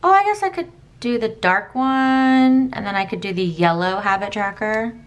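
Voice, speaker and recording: A woman's voice: mid-range voice, moderate pace. A young adult woman chatting casually as she plans, rambling with fillers and asides. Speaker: planner vlogger. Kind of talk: casual chat while planning.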